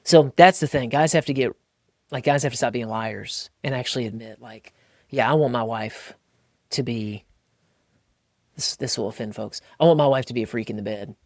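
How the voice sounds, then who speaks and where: A man's voice: medium pitch, moderate pace, dry recording, clean studio sound. An American man co-hosting a casual podcast, talking bluntly and energetically, often mimicking other voices. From United States. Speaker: podcast co-host.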